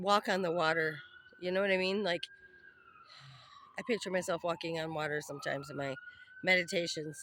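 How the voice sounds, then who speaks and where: A woman's voice: lowish voice, sharp tone, slight background noise. A woman vlogging outdoors by a duck pond, venting in a cranky, irritable, rambling way while filming on her phone. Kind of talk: casual rambling monologue to camera.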